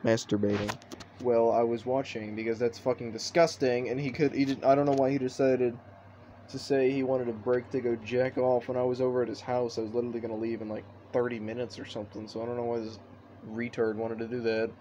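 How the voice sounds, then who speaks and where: A man's voice: medium pitch, flat delivery, brisk, dark tone, muffled recording, slight background noise. A man telling a story in a vlog, rambling and swearing constantly. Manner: profane, rambling.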